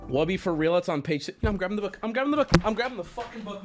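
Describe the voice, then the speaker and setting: Animated, high-pitched streamer man. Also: very fast, music in the background. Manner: animated and swearing, talking straight to his chat. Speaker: livestream host. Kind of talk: casual livestream chat.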